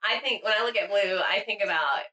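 A woman's voice: mid-range voice, quick pace, bright, forceful tone, natural voice. A woman playing a gossipy, crude teenage girl who giggles and says "like" a lot. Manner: giggly, valley-girl filler "like".

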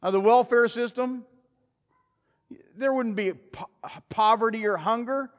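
A high-voiced male pastor delivers a dramatic sermon, acting out crowd voices and pressing his listeners with rhetorical questions. His voice carries a long echo through a church sanctuary. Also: a little slow.

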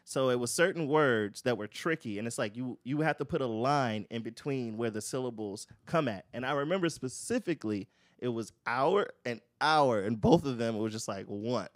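A man co-hosting a podcast, chatting casually in a rambling, animated way and swearing freely. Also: mid-range voice, normal speed, no room sound, studio quality. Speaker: podcast co-host. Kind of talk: casual chat.

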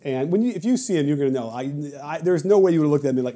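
A man telling stories on a podcast in a rapid, animated way, often restarting his sentences. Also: a little high, slight background noise. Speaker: podcast guest, basketball coach and creator. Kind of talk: casual podcast conversation.

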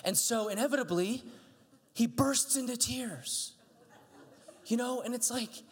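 A man's voice: extremely high pitch, fairly bright tone. A man, a pastor, giving a chatty, conversational sermon, telling stories animatedly with frequent restarts. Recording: long hall reverb.

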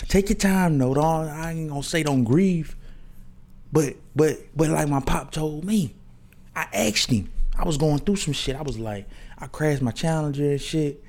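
A man in his thirties hosting a podcast, telling loose, slangy stories with many restarts and asides. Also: a little high. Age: 30s. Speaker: podcast host. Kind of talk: casual monologue.

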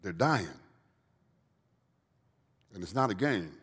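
A man's voice: on the low side, expressive, slow pace, fairly bright tone, husky. A man in recovery giving earnest, preachy testimony in a church Q&A, often repeating phrases. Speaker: guest speaker in recovery. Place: church event hall. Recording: long reverb of a large hall.

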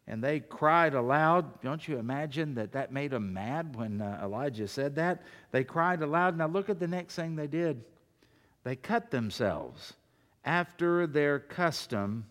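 A male pastor delivering a sermon, his voice sitting a little high for a man. He presses his points hard and then drops into quiet asides to the congregation. The sound carries a long reverb, like a large hall. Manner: emphatic, swings between loud declarations and quiet asides.

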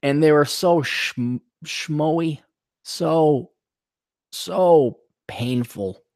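Man, sarcastic podcast rant, high lively voice, swearing, dry close sound. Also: very slow, no room sound. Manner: sarcastic, mocks characters in put-on voices; swears, animated and indignant. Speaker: podcast host. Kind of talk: casual ranting monologue.

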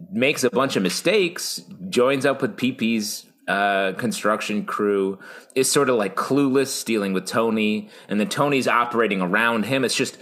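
A man's voice: mid-range voice, a bit bright. A man co-hosting a podcast, chatting casually about a TV episode in a rambling, self-correcting way. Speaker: podcast co-host. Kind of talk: casual TV recap chat.

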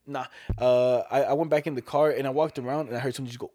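A young man telling a story in casual chat, animated and swearing, acting out the voices of the people in it. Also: mid-range voice, quick pace, noisy background.

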